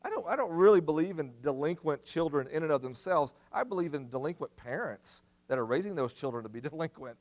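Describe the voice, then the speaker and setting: Emphatic preaching man, lively pitch. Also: fast talker, hardly any pauses. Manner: emphatic preaching, repeats commands for stress. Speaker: guest speaker at family seminar. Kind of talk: sermon. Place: church.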